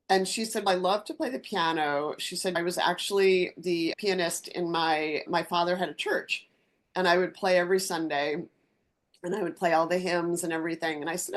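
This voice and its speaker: A middle-aged woman with a fairly low voice speaks as a company founder in a relaxed interview. She tells stories in an animated way and acts out the back-and-forth of conversations. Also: brisk. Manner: animated anecdotes with acted-out dialogue.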